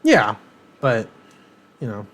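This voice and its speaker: A man's voice: lowish voice, wildly swooping pitch, takes it slowly. A man co-hosting a podcast, chatting casually and rambling with lots of ums and uhs. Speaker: podcast co-host. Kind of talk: casual chat.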